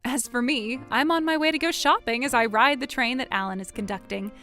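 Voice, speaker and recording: Woman voicing a young wife, animated story, matter-of-fact, high-ish voice, faint music. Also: fairly quick. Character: calm, firm young wife standing her ground. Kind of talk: animated story narration and dialogue.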